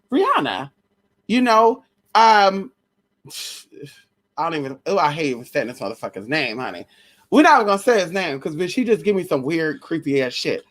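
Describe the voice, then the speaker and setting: A woman hosting a live stream, chatting casually about celebrity spirits with a sassy, brash, slangy manner and plenty of swearing. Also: on the low side. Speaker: livestream host. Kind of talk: casual spiritual gossip chat.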